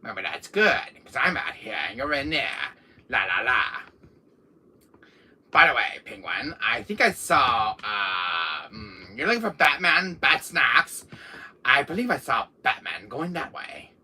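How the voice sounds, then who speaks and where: A man hams up a one-man comic skit on a stream. He lurches between hushed asides and sudden yells. His voice is bright and slightly husky, and its pitch swings all over the place. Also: big pitch swings, a little slow. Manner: swings from whispers to shouts, cursing. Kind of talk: comic improvised skit with toys.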